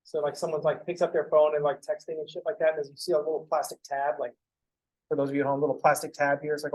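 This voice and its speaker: A young math lecturer with a slightly high voice talks fast in a classroom, keeping his pitch fairly level and his tone a little mellow. He jokes around, drifts into rants and casual swearing, then gets back to the lesson, all on a rough recording.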